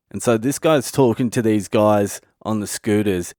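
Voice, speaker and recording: A man's voice: lowish voice, moderate pace, few pauses, clean tone, no room sound, clean studio sound. Profane Australian man telling stories. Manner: profane, animated storyteller. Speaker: comedian podcast host. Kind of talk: comic storytelling monologue.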